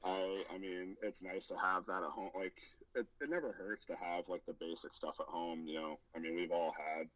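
A man with an extremely deep voice talks in a relaxed podcast chat. He is a powerlifting coach who hesitates often and fills the gaps. The sound is dry and close. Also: moderate pace, few pauses, no room sound, poor audio. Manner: hesitant, many fillers and restarts.

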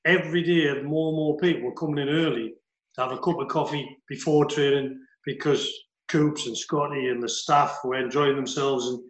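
An enthusiastic former footballer fondly recalls good times at his club, his voice a touch higher than most men's. The room adds a noticeable echo around him. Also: steady tone, moderate pace. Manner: enthusiastic, fond. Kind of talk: casual reminiscing. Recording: roomy echo.

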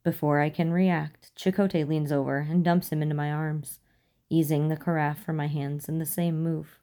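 A woman reading a fan fiction story aloud, calm and unhurried, voicing the dialogue lightly. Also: sits low. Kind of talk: audiobook narration.

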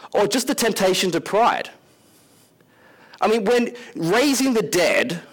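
Animated, conversational male preacher. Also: fairly high pitch. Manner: animated, conversational, acts out scenes in voices. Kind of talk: casual sermon.

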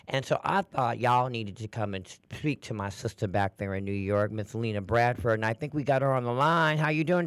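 A man hosting a radio talk show, chatting in a flamboyant, breezy way with a hoarse, throaty voice strained from performing. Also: fairly low pitch, no room sound. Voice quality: throaty, husky. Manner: flamboyant, chatty, calls listeners honey and doll.

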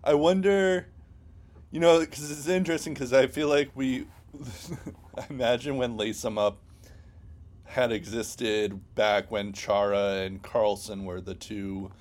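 A man's voice: medium pitch, fairly even intonation, slow, a little mellow. A man co-hosting a casual sports podcast, rambling with many ums and restarts. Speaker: podcast co-host.

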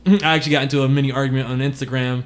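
A man's voice: medium pitch, fairly even intonation, fast talker. A man hosting a podcast, chatting loosely about movies, often laughing and swearing. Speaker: podcast host. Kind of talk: casual movie chat.

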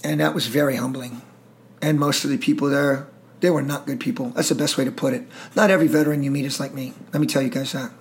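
A man's voice: medium pitch, steady tone, fast. A middle-aged man telling war stories in an interview, intense, emotional and profane. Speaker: guest, military veteran. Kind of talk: storytelling interview.

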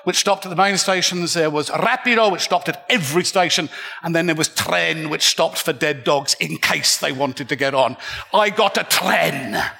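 A man's voice: high-pitched, gravelly, sharp tone. An older man telling a comic, self-mocking story live on a festival stage. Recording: reverberant hall.

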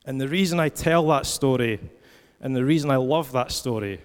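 A man's voice: medium pitch, normal speed, hardly any pauses, smooth. A male preacher in a reverberant church hall. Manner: conversational storytelling with scripture reading. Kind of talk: sermon.

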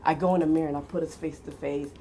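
A middle-aged woman chatting casually as a guest, telling animated stories, quoting people and laughing often. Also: deep voice, racing, a little hiss or hum. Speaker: guest mother. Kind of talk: casual conversation.

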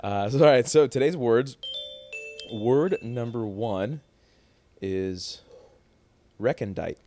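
A man's voice: medium pitch, slow, dark tone, soft background music. A man hosting a casual podcast, bantering crudely and laughing often. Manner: laughs often, goofy put-on voices. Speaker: podcast host. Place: outdoor patio by a pool.

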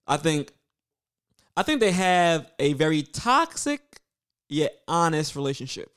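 Lively young man, teasing podcast talk. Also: fairly high pitch, unhurried, clean tone. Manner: lively, teasing, laughs often. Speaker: podcast co-host. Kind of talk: casual chat.

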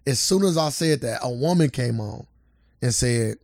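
A man co-hosting a podcast in casual chat, telling animated stories with lots of swearing and acted-out quotes. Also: medium pitch, moderate pace, gravelly, no echo, studio quality. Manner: animated storytelling, acts out quotes, swears freely. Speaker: podcast co-host.

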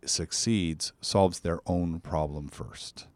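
Deep-voiced enthusiastic male podcast host. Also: slow pace, no echo. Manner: enthusiastic, effusive praise. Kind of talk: casual podcast chat.

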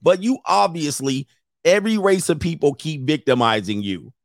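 A man's voice: fairly high pitch, expressive, moderate pace, dry recording, clean studio sound. A man, scolding and mocking in a ranting commentary monologue, laughing often. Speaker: commentary host.

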